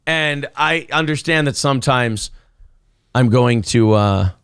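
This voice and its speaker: A man's voice: mid-range voice, slow, fairly bright tone, smooth, no echo, clean studio sound. A man hosting a streamed morning talk show, riffing sarcastically and laughing often.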